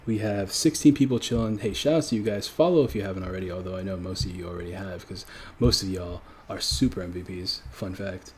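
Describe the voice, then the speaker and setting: A man's voice: sits low, a little fast, few pauses, a little mellow, a little hiss or hum. A young man hosting a casual livestream, rambling and correcting himself as he chats with viewers. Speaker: livestream host. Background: faint background music.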